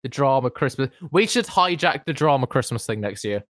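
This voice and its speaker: A man's voice: medium pitch, animated, a little fast, fairly bright tone, dry recording, studio quality. A young man co-hosting a podcast, chatting casually, joking and laughing as he acts out quotes. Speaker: podcast co-host. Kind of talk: casual chat.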